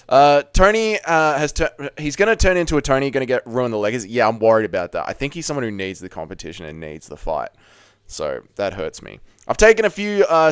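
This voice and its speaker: A man's voice: medium pitch, no room sound. A man hosting a casual live fight watch-along from his chair at home, swearing freely and chatting with viewers as he reads their messages. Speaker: livestream host. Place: home, seated at a desk.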